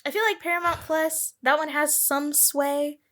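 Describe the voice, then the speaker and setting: A woman's voice: high-pitched, fairly even intonation, moderate pace, a bit bright. A young woman hosting a podcast in casual chat, rambling and correcting herself as she goes. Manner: chatty, rambling, self-correcting. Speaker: podcast host.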